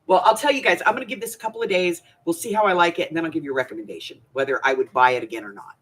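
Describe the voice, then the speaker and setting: A woman's voice: deep voice, racing, slightly rough. A woman hosting a crafting channel, chatting casually and rambling, with frequent restarts and laughter. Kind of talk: casual chat.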